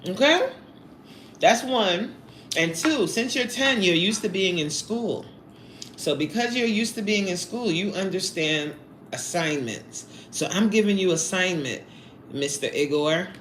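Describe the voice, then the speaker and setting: A woman's voice: lowish voice, lively intonation, measured pace, a bit bright. Woman, 40s, live-streamer; playful, chatty, talks while eating; roomy echo, faint hiss. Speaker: livestreamer reading chat. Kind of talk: casual live-stream chat.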